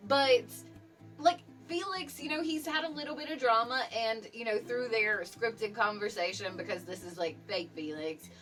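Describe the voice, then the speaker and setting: A woman's voice: fairly high pitch, normal speed, fairly bright tone, distant mic, soft background music. A woman giving a casual commentary rant, exasperated and swearing, with a lot of "like" and "you know". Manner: exasperated, filler-heavy with frequent "like" and swearing. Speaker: commentary YouTuber.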